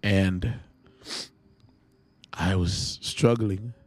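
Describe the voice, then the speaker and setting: A man host sharing an emotional personal testimony, talking in a halting, earnest and raw way. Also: sits low, steady tone, a little mellow, no echo.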